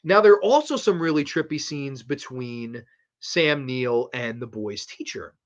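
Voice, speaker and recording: A man hosting a podcast, giving a casual horror film review in an animated, rambling, profane way. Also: medium pitch, unhurried, muffled recording. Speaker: horror movie podcast host.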